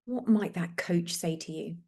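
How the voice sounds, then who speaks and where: A woman hosting a webinar, leading a slow, gentle guided reflection exercise over a video call with repeated prompts. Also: fairly low pitch.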